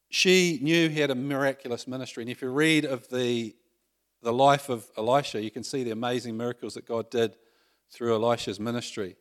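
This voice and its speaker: Male preacher, conversational sermon, asks the room questions, mid-range voice. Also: mid-range voice.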